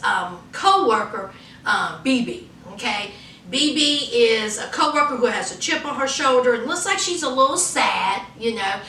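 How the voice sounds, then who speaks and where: A woman's voice: high-pitched, bright, forceful tone, echoey room, recorded from a distance, slight background noise, poor audio. A woman recapping a TV episode in a sassy, chatty way, calling her viewers honey and child. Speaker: TV episode reviewer. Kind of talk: casual TV recap.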